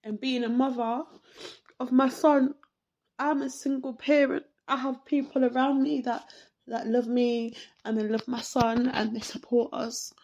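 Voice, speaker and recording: Woman podcaster, emotional and reflective, unhurried, raspy fry in her voice. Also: high-pitched, flat delivery, darkish tone, dull audio. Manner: slow, reflective, repeats herself. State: emotional, close to tears. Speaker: podcast host. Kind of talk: emotional personal monologue.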